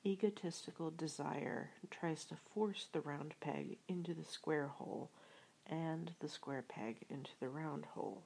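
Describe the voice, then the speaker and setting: Lady reading a book aloud, half-whispery, husky and creaky. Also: low voice, a little mellow, low-quality recording. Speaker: audiobook reader. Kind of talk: audiobook narration.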